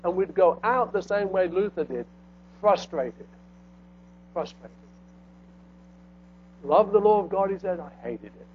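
A man preaching a sermon, swinging between loud emphatic lines and hushed low phrases. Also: lively intonation, brisk, few pauses. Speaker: pastor. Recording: dull lo-fi sound with faint mains hum.

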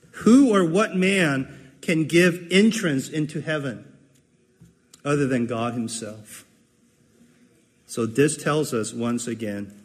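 Earnest male preacher in a reverberant hall. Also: medium pitch. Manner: earnest, repeats key phrases for emphasis. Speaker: pastor. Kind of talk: sermon.

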